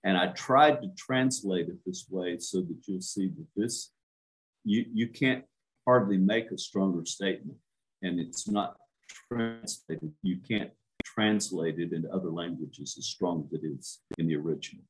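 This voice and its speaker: A minister with a deep, low voice delivers a sermon at an unhurried pace, hammering home his points by repeating words again and again. He emphatically asks his listeners direct questions, though the audio quality is poor.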